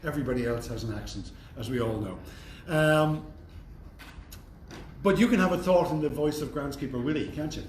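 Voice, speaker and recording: A man with a fairly high, somewhat dark voice delivers a university lecture, thoughtful and conversational, dropping in wry asides. The recording has a roomy echo and faint background noise.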